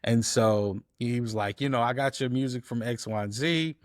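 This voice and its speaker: A man's voice: medium pitch, normal speed, no echo, studio quality. A man telling stories in a casual interview, a DJ guest acting out quoted conversations as he goes. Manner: animated storyteller acting out quoted dialogue. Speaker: guest, DJ and editor.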